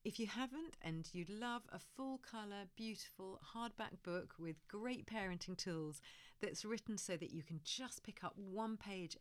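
A woman hosting a parenting podcast, talking in a gentle coaching way and dropping to a soft hush for comforting phrases. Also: on the low side. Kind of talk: solo podcast talk.

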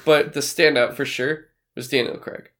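A man's voice: mid-range voice, fairly even intonation, moderate pace, a bit bright. A man co-hosting a casual podcast, rambling with fillers and restarts, swearing now and then. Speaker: podcast co-host. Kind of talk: casual chat.

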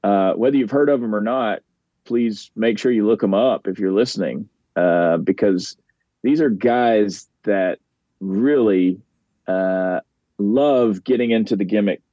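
A man with a low, warm, mellow voice talks loosely as a podcast guest, drifting through stories about fellow wrestlers. The sound is dry and slightly dull, like a lo-fi remote recording. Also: unhurried, no echo. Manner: rambling, laughs easily, name-drops peers. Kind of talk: casual podcast chat.

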